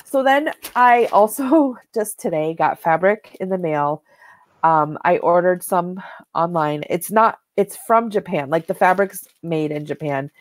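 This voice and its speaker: A woman's voice: on the low side, measured pace, dry recording. A woman co-hosting a knitting show, chatting casually and showing yarn and fabric to the camera, rambling with many "like"s and "um"s.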